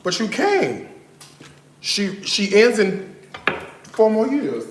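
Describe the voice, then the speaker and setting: A man's voice: sits high, slow, echoey room, slight background noise. A man hosting a cooking live stream, chatting casually and telling stories straight to his viewers while he cooks in his kitchen. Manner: animated storyteller, addresses viewers directly. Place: home kitchen.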